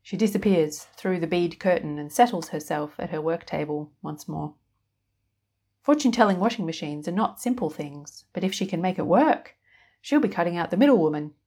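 Woman, storyteller, scripted narration, low-ish pitch, even wry delivery. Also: moderate pace, husky.

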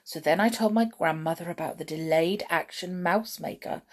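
A woman reading a children's book aloud, telling the story steadily with lively lifts. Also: lowish voice, moderate pace.

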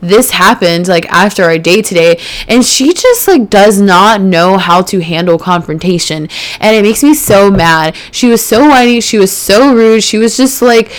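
A young woman in her early twenties talks through her week on her own podcast. Her voice is smooth and clear, and she rambles casually with lots of filler words. She turns animated when she recounts drama. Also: mid-range voice, moderate pace. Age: early 20s. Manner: chatty, heavy on fillers, gets animated retelling drama. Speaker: podcast host. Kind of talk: casual solo podcast chat.

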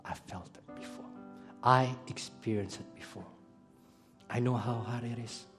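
A man doing a gentle, hushed veteran mother. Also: mid-range voice, steady tone, unhurried, soft background music, voice pushed down. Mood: comforting. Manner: soft, hushed, near-whispered reassurance. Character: experienced mother of twenty, gentle and comforting.

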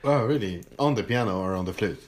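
A man co-hosting a podcast in casual chat, easily amused and quick to apologize. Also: on the low side, expressive. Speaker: podcast co-host.

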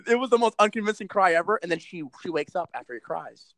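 A man recapping a movie in casual chat, animated and sarcastic, with lots of swearing. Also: sits high, fairly quick, no echo, poor audio. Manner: animated, profane storytelling with sarcastic asides. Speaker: movie reviewer.

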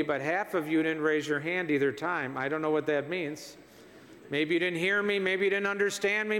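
A man preaching in a church with a notably high voice, his words trailing off into long reverb. He talks to the congregation conversationally, repeats lines for emphasis and sounds somewhat tired. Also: a bit bright. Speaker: visiting priest. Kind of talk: parish mission homily.

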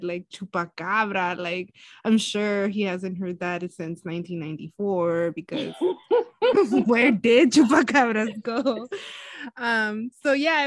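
A woman's voice: medium pitch, no room sound, studio quality. A woman co-hosting a podcast, telling a story in a chatty, casual way and laughing often. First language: Spanish. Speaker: podcast co-host. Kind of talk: casual chat.

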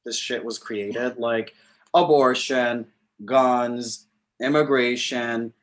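A man talking politics in a relaxed conversation, full of conviction and emphatic repetition. He scatters "like" through his speech, and his voice sits at an ordinary middle pitch. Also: slow pace. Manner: passionate, emphatic, many "like" fillers.

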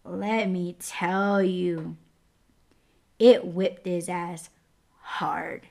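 On her podcast, a young woman tells a personal story with casual, candid profanity and lively shifts in volume. Her voice sits fairly low, with drawn-out words and vocal fry.

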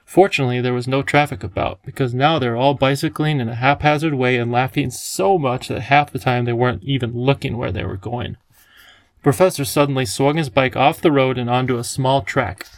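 A man reading an audiobook chapter as narrator, in steady, measured storytelling. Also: mid-range voice, no room sound, rough recording. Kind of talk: scripted narration.

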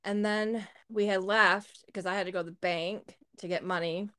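Smooth-voiced woman telling a blunt story. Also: medium pitch, fairly even intonation, moderate pace, fairly bright tone. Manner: candid, blunt, swears freely. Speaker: podcast co-host. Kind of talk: casual storytelling.

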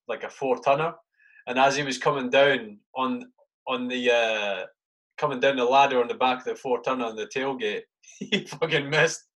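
A man's voice: medium pitch, fairly bright tone. A man, a soldier, casually telling stories in a podcast chat, swearing constantly and saying mate a lot.

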